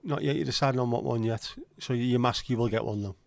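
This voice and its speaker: A man's voice: medium pitch, fast, gravelly, dry recording. A man hosting a casual livestream, chatty and joking as he answers viewer comments. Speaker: livestream host.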